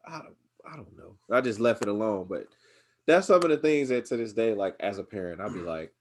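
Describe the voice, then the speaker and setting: Animated young man from Georgia. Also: lowish voice, fairly quick, a little hiss or hum. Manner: animated storytelling, acts out his mom's voice. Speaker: podcast host. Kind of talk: casual chat.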